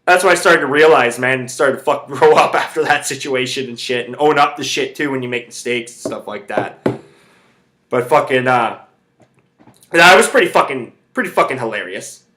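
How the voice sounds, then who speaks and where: A man's voice: medium pitch, animated, normal speed, pushed and bright. A man hosting a podcast, telling a rambling casual story and swearing constantly. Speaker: podcast host.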